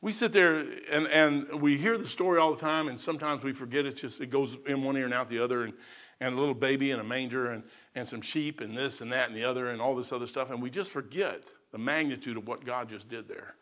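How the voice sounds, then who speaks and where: A middle-aged man preaching a sermon. He moves between loud, shouted passages and soft, low stretches. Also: quick pace.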